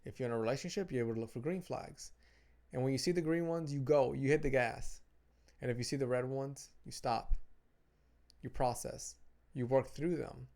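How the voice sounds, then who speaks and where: A man's voice: mid-range voice, normal speed, a little mellow. A man talking earnestly to camera about relationships, giving advice from his notes and often repeating and restarting phrases. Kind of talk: casual advice talk to camera.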